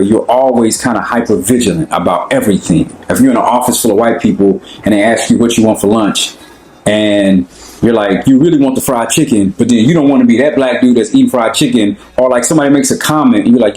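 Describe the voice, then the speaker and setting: A young American man with an African American accent, talking casually and relaxed about his own experiences, with lots of slang. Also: mid-range voice, fast, echoey room, low-quality recording. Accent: African American English. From United States. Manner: relaxed, conversational, slangy, often asks "you know what I'm saying". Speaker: interviewee. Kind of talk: casual personal talk.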